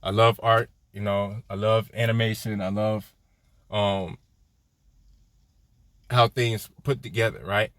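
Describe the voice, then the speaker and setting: A man's voice: lowish voice, level tone, slow pace, long pauses, a bit bright, dry recording. A man leading a casual Bible study, reading scripture aloud and talking with viewers, often checking in with "right?" and laughing. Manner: conversational, peppers lines with "right?", laughs often. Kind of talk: casual livestream Bible teaching.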